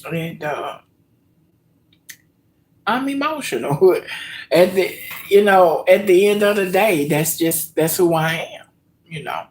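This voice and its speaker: A woman chatting live with her viewers before cooking. She talks slowly and openly, stretching out her pauses. Her voice sinks to near-whispers when she gets emotional. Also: on the low side, darkish tone. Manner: slow, heartfelt, emotional, addresses viewers as y'all. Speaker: cooking vlog host. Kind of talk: casual live-stream chat.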